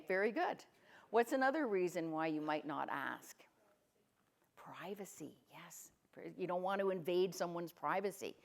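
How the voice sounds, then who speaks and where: A middle-aged woman with a notably low voice speaks as a guest at a conference. She questions the audience and tells stories in a lively way, often acting out what people said. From Canada. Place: conference room.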